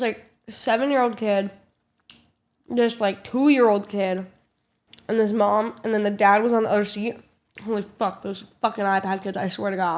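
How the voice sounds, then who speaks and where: A young woman streamer telling a casual story to her chat, animated and swearing a lot. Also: mid-range voice. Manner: animated, swears a lot, acts out loud kids.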